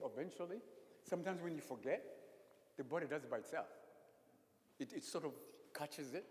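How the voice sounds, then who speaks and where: A priest delivering a sermon in a church, his voice rising and falling with lively expression and sitting a little high for a man. He is expressive and at times drops to a soft whisper. The sound rings with the long echo of a church sanctuary. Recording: echoey church hall.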